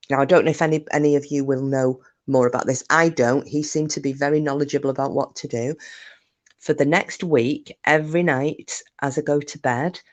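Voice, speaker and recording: A woman hosting a live stream, rambling in casual chat with plenty of fillers and breaking off to greet viewers by name. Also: extremely low pitch. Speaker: livestream host.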